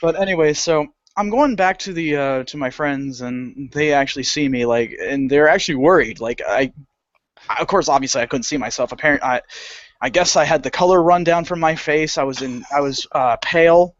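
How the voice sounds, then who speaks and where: A man's voice: fairly high pitch, moderate pace, dry recording. A man co-hosting a podcast, telling a long profane story in casual chat and acting out what people said. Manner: animated, profane, acts out quoted lines. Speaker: podcast co-host. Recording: dull lo-fi podcast audio.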